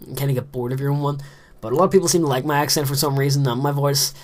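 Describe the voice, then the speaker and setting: There's slight background noise as a late-teen male gaming commentator races through his words, his mid-range voice darkish in tone and fairly even in intonation. He rambles and runs himself down in casual commentary on the game he's playing, recorded inside a small closet room.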